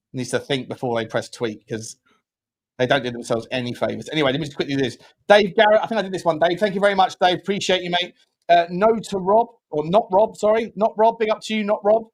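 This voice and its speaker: Fast-talking high-voiced man. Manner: rapid, excitable, swears freely. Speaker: show host. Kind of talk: casual live-stream chat.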